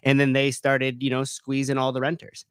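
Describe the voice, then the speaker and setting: A man's voice: mid-range voice, completely flat delivery, moderate pace, fairly bright tone, clean tone, no room sound, clean studio sound. A man talking in a casual podcast chat in a matter-of-fact way.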